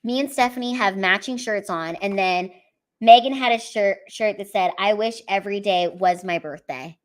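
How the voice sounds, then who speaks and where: A woman's voice: mid-range voice, normal speed. A young woman chatting casually on a livestream, tearful and emotional, rambling and swearing freely. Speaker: comedian livestreaming to fans.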